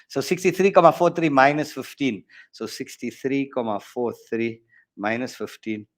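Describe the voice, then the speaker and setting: A man from South Africa with a South African English accent, teaching an online maths workshop, joking and rambling in excitable asides. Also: mid-range voice, a little fast.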